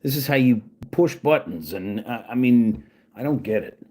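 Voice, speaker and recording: A man's voice: mid-range voice, animated, normal speed, dark tone. A man hosting his own channel, venting in a profane, angry and sarcastic casual rant while working at his computer. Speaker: channel host.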